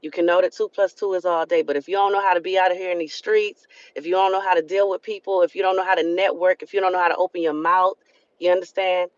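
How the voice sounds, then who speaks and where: A woman's voice: on the low side, fairly even intonation, fast, no room sound. A woman with a Southern US accent, hosting a live stream and giving an earnest, preachy motivational talk that repeats phrases for emphasis. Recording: dull lo-fi sound.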